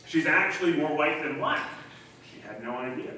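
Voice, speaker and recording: A man's voice: fairly high pitch, expressive, normal speed, pushed and bright. A man preaching a sermon as pastor, in a casual, chatty way with frequent ums and restarts. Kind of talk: conversational sermon. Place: church sanctuary. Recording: very echoey hall, distant mic, faint hiss.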